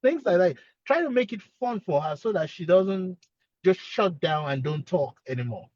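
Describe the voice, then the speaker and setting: A man with an accent giving gentle, encouraging speech advice over a video call from his car. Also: sits high, expressive, normal speed, no echo, lo-fi sound. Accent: non-native English accent. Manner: gentle, encouraging, acts out example dialogues. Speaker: speech-language pathologist, expert guest.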